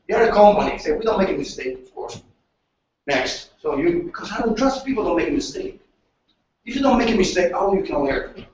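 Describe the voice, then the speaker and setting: An Italian man talks in animated, broken English, swearing freely and repeating himself. His voice sits high. He is recorded from a distance in a very echoey space, and the sound is muffled. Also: a little hiss or hum. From Italy. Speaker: manager. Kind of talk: casual chat.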